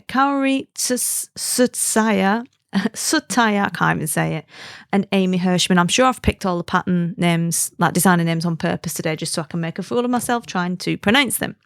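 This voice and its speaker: A woman's voice: mid-range voice, dry recording, clean studio sound. A woman hosting a casual podcast, chatty and giggling at her own jokes. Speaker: podcast host.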